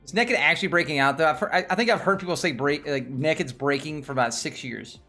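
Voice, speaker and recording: A man with a Southern twang from Nashville rambles through a casual live-stream chat, his voice sitting a touch higher than most men's. He talks loosely and slangily, working his thoughts out as he goes. Faint music plays behind him. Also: fast talker, pushed and bright. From Nashville, Tennessee. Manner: rambling, slangy, thinks aloud. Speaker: stock stream host.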